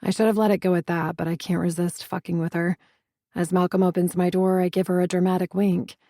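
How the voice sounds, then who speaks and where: Low, mellow woman narrator for a first-person novel; wry and sardonic, dry close sound. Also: level tone, fairly quick, no echo. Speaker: audiobook narrator.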